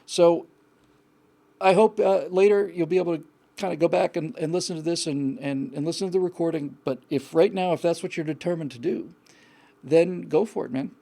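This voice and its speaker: A man's voice: a little high, moderate pace, gravelly, warm tone. A man hosting a live call-in show, giving blunt, frank advice in a rambling way with many restarts. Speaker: host.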